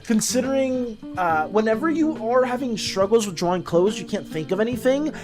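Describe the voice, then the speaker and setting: Lively, animated woman streamer. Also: a little high, moderate pace, music in the background. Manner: animated, chatty, greets and thanks viewers. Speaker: artist streamer. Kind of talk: casual live-stream chat.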